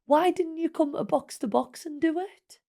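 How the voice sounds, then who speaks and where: A woman's voice: sits high, moderate pace, vocal fry, dark tone. Teasing woman podcast host. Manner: teasing, banters with the guest. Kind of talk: casual chat.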